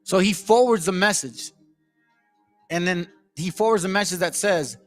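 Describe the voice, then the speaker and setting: High-pitched guy rambling thru casual commentary, faint music in the back. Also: normal speed. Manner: rambling, conversational, filler-heavy. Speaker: commentator reacting to clips.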